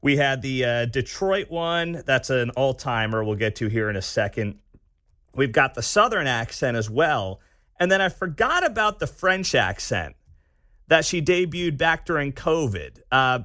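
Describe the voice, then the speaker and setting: A man hosting a talk radio show, giving animated, sarcastic commentary from a studio. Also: mid-range voice, no room sound.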